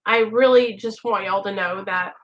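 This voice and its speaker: A woman's voice: medium pitch, moderate pace, fairly bright tone. A woman hosting a recovery livestream, talking earnestly and emotionally straight to her viewers. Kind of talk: heartfelt direct-to-camera talk. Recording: dull lo-fi recording.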